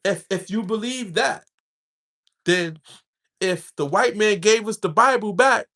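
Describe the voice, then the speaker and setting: A man's voice: high voice, measured pace, pauses often, pushed and bright. A middle-aged man hosting a show, talking with passion in a street-inflected style and repeating himself for emphasis. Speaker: podcast host. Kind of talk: impassioned casual talk.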